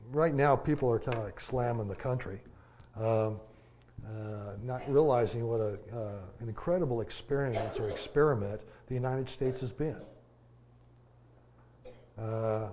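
A man preaching a sermon in a casual, halting way, with lots of fillers and the odd folksy joke. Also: medium pitch, mellow, a little hiss or hum. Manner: conversational, halting, many fillers and restarts; folksy, joking aside.

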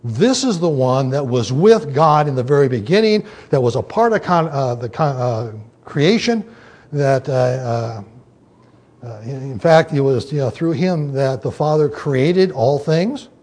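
A man's voice: medium pitch, animated, measured pace, darkish tone. A man teaching a Bible study, explaining the scripture in an emphatic way, with many fillers and restarts.

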